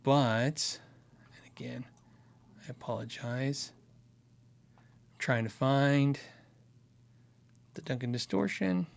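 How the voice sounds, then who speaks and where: A man's voice: medium pitch, animated, slow, gravelly, pauses often. A man hosting a casual livestream, answering viewer questions about gear in a chatty, rambling way. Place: Arizona.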